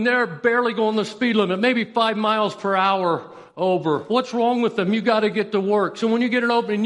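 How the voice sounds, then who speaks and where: A pastor preaching a sermon, telling stories with dramatic pauses and building intensity. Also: male voice, high voice, fairly bright tone, long reverb tail. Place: church sanctuary.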